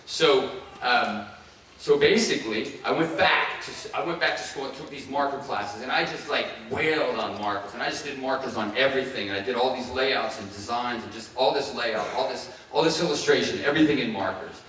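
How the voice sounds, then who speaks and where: A man in his fifties from Ohio giving a keynote speech, telling his own story in a casual, halting way full of fillers and restarts. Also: mid-range voice, a bit bright, recorded from a distance, a little hiss or hum. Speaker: keynote speaker. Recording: echoey hall, mic away from the speaker.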